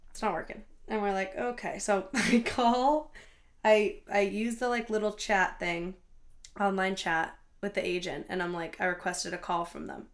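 A young college woman co-hosting a casual podcast from her bedroom. She rambles through a long story and acts out the people she quotes, and her voice sits at an ordinary middle pitch. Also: steady tone, moderate pace. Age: young adult. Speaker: podcast co-host. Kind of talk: casual chat. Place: bedroom in a student house.

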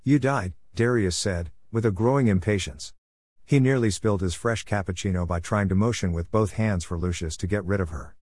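A man reads a story chapter aloud in an even, measured way. His voice is low, and the sound is dry and close with no room echo. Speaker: narrator. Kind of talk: audiobook-style story narration.

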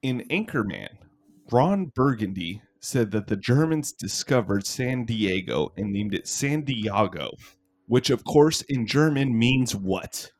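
A man's voice: medium pitch, animated, slow. A man hosting a casual podcast, joking crudely and laughing often. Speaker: podcast host.

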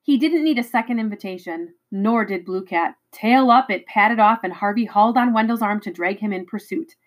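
A woman reading a novel chapter aloud, expressive and dramatic, with occasional stumbles. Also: mid-range voice, normal speed, poor audio. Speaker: reader.

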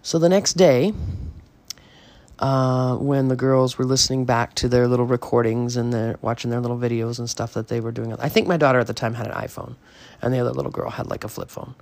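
A man's voice: mid-range voice, fairly even intonation, a little fast, no room sound. A man hosting a podcast, casually telling a ghost story to his listeners in a rambling way full of fillers and the odd swear word. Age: adult parent. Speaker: podcast host.

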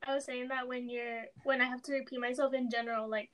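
High-voiced soft-spoken young woman. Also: little pitch movement, quick pace. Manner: soft-spoken, fillers like "like" and "dude". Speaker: podcast co-host. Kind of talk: casual chat.

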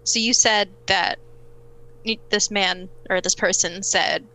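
A woman's voice: medium pitch, steady tone, slow, pushed and bright, poor audio. A woman as a player in a tabletop role-play, talking hesitantly with fillers.

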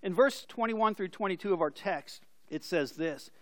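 A man with a high voice preaches a sermon, moving between scripture and lively stories whose people he acts out. The sound is dry and close. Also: normal speed, no room sound. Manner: storytelling with acted-out voices. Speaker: pastor.

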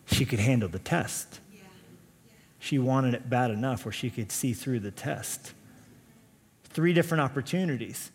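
A man preaching a sermon as pastor, talking in a conversational way and repeating his key phrases. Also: medium pitch. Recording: reverberant hall.

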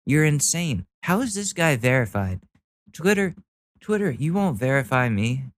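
A man's voice: mid-range voice, no room sound. A man ranting sarcastically in commentary, exasperated and heavily profane as he mocks the posts he reads. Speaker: political commentary vlogger.

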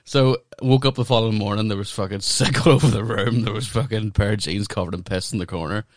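Low-voiced swearing comedian telling stories. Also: male voice, fast, dry recording, clean studio sound. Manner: profane, rambling storyteller. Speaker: comedian and podcast co-host. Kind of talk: casual podcast chat. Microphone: video call.

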